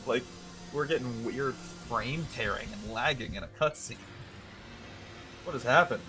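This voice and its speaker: A man giving sarcastic live commentary while playing a video game, breaking into loud, laughing reactions. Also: medium pitch, measured pace, long pauses, soft background music. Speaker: gaming streamer.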